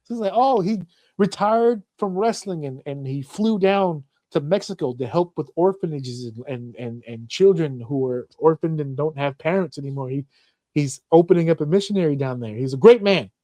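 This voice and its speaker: Profane, animated man hosting a podcast. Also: fairly high pitch, normal speed, no room sound. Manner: profane, animated storytelling with mocking fan voices. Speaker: podcast host. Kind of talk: casual chat.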